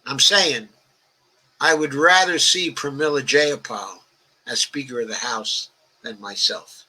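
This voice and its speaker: An elderly man from the Bronx with a strikingly bright, sharp-edged voice. He hosts a political stream, reading viewer comments aloud and chatting back at them. His talk rambles along, padded with "okay" and "uh". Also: medium pitch, measured pace, breathy edge, rough recording. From New York, the Bronx. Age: 80s. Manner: rambling and conversational, peppered with "okay" and "uh". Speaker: political livestream host.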